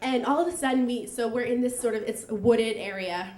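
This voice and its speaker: Woman, young adult, live stage storytelling, chatty with fillers, laughing, fairly high voice, echoey hall. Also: brisk, a little mellow. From United States.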